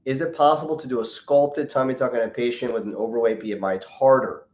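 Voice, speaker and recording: A man's voice: medium pitch, fairly even intonation, fast talker, darkish tone. A man, a plastic surgeon, hosting a casual live Q&A, reading viewer comments aloud and joking as he greets people by name. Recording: roomy echo.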